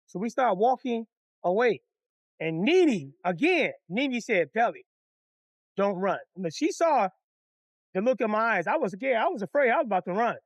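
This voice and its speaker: High-voiced man telling a story. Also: normal speed, no room sound. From Detroit. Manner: animated, profane, acts out voices. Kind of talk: casual storytime narration.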